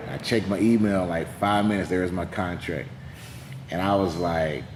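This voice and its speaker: A man's voice: deep voice, fairly even intonation, moderate pace, background noise. A man, a heavyweight fighter, telling his story in an interview in a loose, rambling way with lots of fillers and quoted dialogue. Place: gym. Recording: echoey room.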